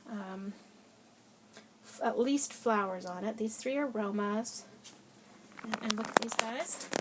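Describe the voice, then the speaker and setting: A woman walks through her small greenhouse, talking in a chatty, proud way and dropping into soft whispers for asides. She sounds a little out of breath. Her middle-pitched voice comes through a noisy recording with audible clicks. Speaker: home gardener giving a tour. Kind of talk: casual video tour.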